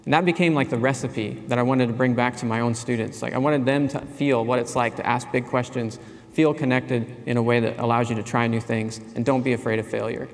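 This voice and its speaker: A man in his forties giving a conference keynote, telling personal stories in an earnest, self-deprecating way with pauses. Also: mid-range voice, fairly even intonation. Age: 40s. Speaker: keynote speaker. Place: large conference hall. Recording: reverberant hall.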